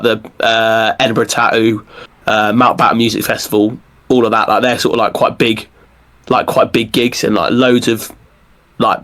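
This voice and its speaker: A man talking quickly and loosely on a podcast. His stories spill out with plenty of fillers and false starts, in a mid-pitched voice. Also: a bit bright. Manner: rapid, rambling storytelling with lots of fillers and restarts. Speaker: podcast guest. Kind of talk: casual chat.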